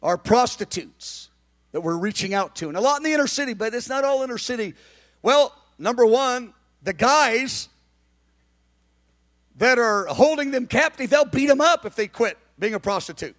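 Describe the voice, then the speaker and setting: A man preaching a sermon in an animated, emphatic way, sometimes shouting, with conversational asides and restarts. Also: very high-pitched, normal speed. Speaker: pastor.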